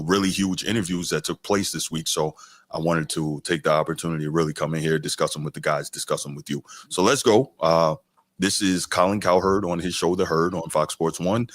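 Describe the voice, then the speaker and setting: A low-voiced man hosting a podcast and reacting to clips in real time. He talks casually but gets exasperated, and his voice jumps high when he rants. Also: a little fast, no echo. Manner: animated and exasperated, voice rising sharply when ranting. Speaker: podcast host. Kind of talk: reacting to a clip, casual commentary.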